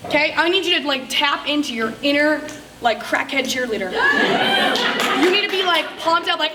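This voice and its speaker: A woman's voice: high-pitched, expressive, moderate pace, heavy background noise. A woman from upstate New York giving a chatty, upbeat motivational talk at a sales summit, acting out party small talk and laughing often. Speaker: direct sales speaker at a summit. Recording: echoey hall, mic from a distance.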